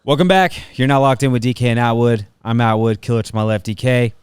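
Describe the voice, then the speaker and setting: Smooth-voiced laid-back podcast co-host man. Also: medium pitch, fairly even intonation, quick pace, dry recording. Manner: easygoing, laughs often. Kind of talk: casual chat. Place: gym mats in a martial arts academy.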